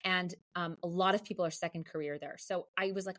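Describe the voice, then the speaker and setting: A woman cantor in an interview, telling her story in a lively way and acting out the people she quotes. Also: on the low side, fairly quick. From United States. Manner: animated, acts out quoted voices.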